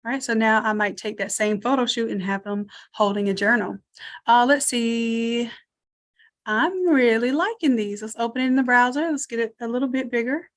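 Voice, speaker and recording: A woman leads a live screen-share tutorial in a fairly high voice. She talks casually and thinks out loud, narrating each click as she goes and inviting her viewers to chime in. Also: moderate pace. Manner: chatty, thinks aloud while working. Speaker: online design instructor.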